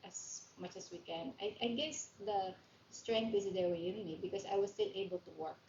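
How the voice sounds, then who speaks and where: A woman with a Filipino accent hosts a live stream from home, sharing personal stories in a candid, confiding way. She laughs easily and drops Tagalog words into her English. Her voice sits at a middling pitch and carries some room echo, with a slightly dull sound and faint noise behind. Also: moderate pace, darkish tone. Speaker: livestream host.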